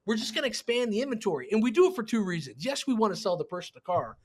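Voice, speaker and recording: A man hosting a panel discussion as a sales trainer, talking in a blunt, emphatic, animated way. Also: high-pitched, very fast. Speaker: sales trainer and show host.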